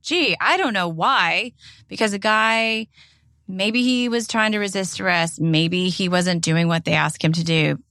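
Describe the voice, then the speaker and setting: A woman's voice: lowish voice, level tone, measured pace, creaky, a bit bright, clear, resonant tone, no echo. Impassioned Southern woman, dry close sound. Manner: emphatic, impassioned, swears freely. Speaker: podcast co-host. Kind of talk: casual chat.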